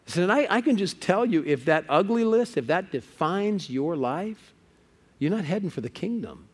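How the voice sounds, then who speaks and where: A man preaching a sermon, lively and conversational, stammering on words and putting questions to the congregation. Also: high-pitched, moderate pace. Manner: lively, repeats words when stuck, asks the crowd questions.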